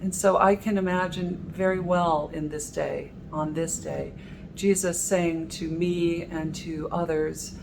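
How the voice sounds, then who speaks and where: A woman priest giving a sermon, reflective and gentle, softening her voice when she quotes. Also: fairly low pitch, takes it slowly, creaky, noisy background. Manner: gentle, reflective preaching with soft quoted lines. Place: cathedral.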